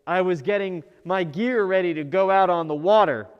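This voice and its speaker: An aging fisherman looks back and tells his story in the first person, voiced by a preacher. The voice sits a bit high for a man and is reflective in manner. A long reverb hangs after each phrase. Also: normal speed, clear, resonant tone, lo-fi sound, lightly acted. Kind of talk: first-person narrative sermon.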